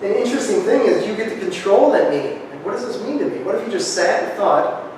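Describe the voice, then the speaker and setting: A man giving a lively workshop talk to a live group, often checking in with "right?", recorded on a distant camera. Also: high voice, fast talker, a little hiss or hum. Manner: energetic, keeps asking "right?". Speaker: presenter. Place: large echoey room. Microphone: camera far from speaker. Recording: echoey hall, distant camera.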